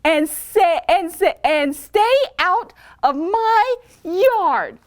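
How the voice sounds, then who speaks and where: A woman voicing a grumpy male cactus who yells at visitors to keep out. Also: extremely high pitch, lively intonation, very slow, exaggerated voice. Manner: yelling, huffy.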